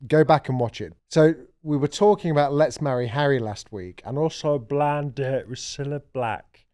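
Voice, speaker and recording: A man co-hosting a podcast in casual, sweary chat with quick restarts. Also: medium pitch, mellow, clean tone. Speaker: podcast co-host.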